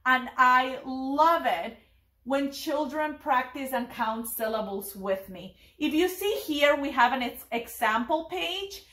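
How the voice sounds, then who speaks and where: A young woman teaching a preschool lesson to families, cheerful and encouraging, sounding out words slowly and clearly. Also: high voice, expressive, bright, forceful tone, roomy sound. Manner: slow, clear demonstration of words. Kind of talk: virtual family event lesson.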